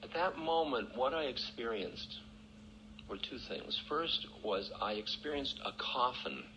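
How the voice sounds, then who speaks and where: A man's voice: mid-range voice, expressive, measured pace, pushed and bright. Man telling a story on a dull lo-fi recording. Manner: candid, self-mocking, laughs often. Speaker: spiritual teacher. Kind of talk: storytelling talk. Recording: dull, lo-fi archival recording with faint hiss.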